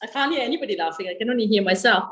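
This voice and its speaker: A woman's voice: medium pitch, animated, rapid-fire, fairly bright tone, poor audio. A woman leading a guided laughter yoga session over a video call, coaxing and encouraging her listeners.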